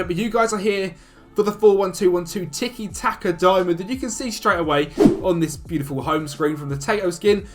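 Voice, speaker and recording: Male video host, casual commentary, chatty and upbeat, slightly high voice. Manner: chatty, upbeat, talks fast through stats. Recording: faint music behind.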